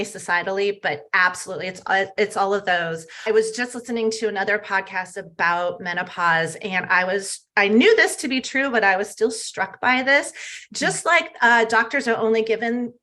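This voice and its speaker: A woman health coach talking as a podcast guest, emphatic and animated, often tagging her points with "right?". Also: mid-range voice. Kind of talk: casual podcast interview.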